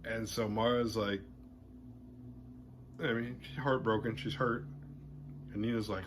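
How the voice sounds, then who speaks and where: A man hosting a horror movie podcast, retelling a film's plot in a casual, animated and playfully crude way. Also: lowish voice, measured pace, pauses often, noisy background.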